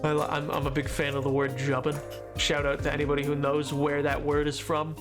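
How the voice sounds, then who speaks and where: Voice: mid-range voice, completely flat delivery, fairly quick. A game streamer chatting casually during a live stream, rambling with many repeated words and fillers in a playful way. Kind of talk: casual live-stream chat while playing. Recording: music playing behind.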